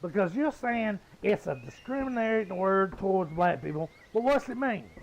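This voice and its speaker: A man in his fifties with a Southern accent swears his way through a blunt, casual rant while playing a game. His high, creaky voice is animated and moves at a moderate pace. The rough recording carries a little hiss or hum.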